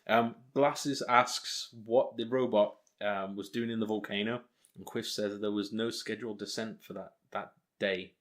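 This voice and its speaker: A man's voice: on the low side, fairly even intonation, unhurried. A young man co-hosting a podcast, recapping an episode in a rambling, joking way with lots of ums. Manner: rambling recap with self-mocking jokes and frequent ums. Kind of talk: casual podcast chat.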